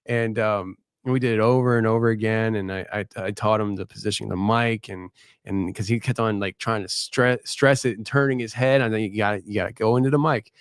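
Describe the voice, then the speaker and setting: A man's voice: lowish voice, fairly even intonation, smooth, dry recording, studio quality. Tired, rambling male podcast host. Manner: rambling, halting, candid. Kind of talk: late-night live show sign-off.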